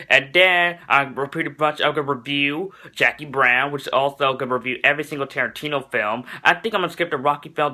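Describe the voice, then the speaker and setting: A teenage boy reviewing a film in casual talk, excitable and gushing, with bursts of mocking sarcasm. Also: a little high. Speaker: movie reviewer.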